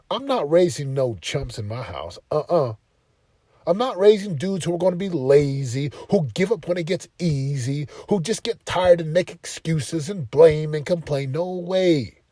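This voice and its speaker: A man's voice: a little high, expressive, normal speed, darkish tone, slightly rough, dry recording. A man giving a motivational monologue as a podcast host, speaking emphatically and repeating his points like a preacher. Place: outside his home, heading in.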